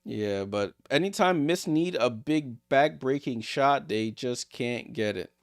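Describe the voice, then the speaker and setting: A man streaming a basketball watchalong, calling plays in casual, excitable, joking commentary. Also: mid-range voice, measured pace, no echo, studio quality. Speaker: streamer hosting a game watchalong. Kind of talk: casual live play-by-play commentary.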